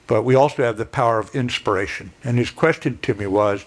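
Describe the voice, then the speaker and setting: A man's voice: mid-range voice, a little fast, few pauses. Plainspoken older man telling a story. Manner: folksy, plainspoken, with throat clearing and fillers. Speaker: retired general giving a speech. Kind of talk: storytelling speech to an audience.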